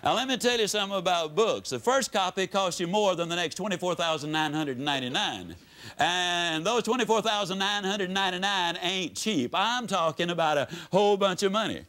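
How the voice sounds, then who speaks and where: An older man gives a motivational seminar talk to a live audience, telling stories with emphatic, drawn-out pauses. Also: high-pitched, sharp tone. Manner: folksy, storytelling, emphatic with dramatic pauses. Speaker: motivational speaker.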